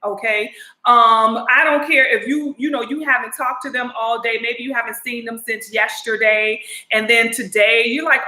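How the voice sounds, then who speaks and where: A woman's voice: fairly high pitch, sharp tone. A woman giving relationship advice in a casual monologue, talking emphatically and directly and often asking "you know what I'm saying?". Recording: roomy echo.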